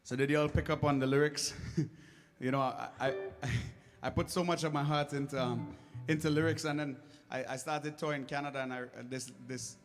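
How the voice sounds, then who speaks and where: A man's voice: mid-range voice, fairly even intonation, normal speed, faint music behind. A man with a Caribbean English accent, a touring musician chatting and joking with a live audience between songs, laughing often at his own self-deprecating jokes.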